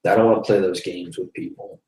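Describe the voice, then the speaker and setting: Guy rambling through a story on his live show, lowish voice, sounds far from the mic in an echoey room. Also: fairly even intonation, brisk, darkish tone. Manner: rambling storytelling with frequent sighs and laughs. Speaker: host of a live web broadcast. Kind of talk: casual faith-based monologue. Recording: roomy echo, voice off the mic.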